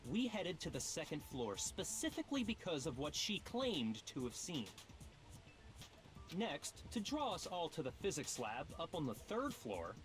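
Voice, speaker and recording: An actor voicing an arrogant, condescending rich teenage heir in a dubbed game, cold and lecturing. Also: male voice, fairly high pitch, wildly swooping pitch, measured pace, soft background music.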